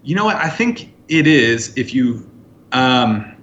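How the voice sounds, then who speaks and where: A man in his thirties from the United States, a podcast guest telling lively anecdotes and acting out quoted lines. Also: mid-range voice, slow, slight background noise. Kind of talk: storytelling in a podcast interview. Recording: roomy, slightly dull sound.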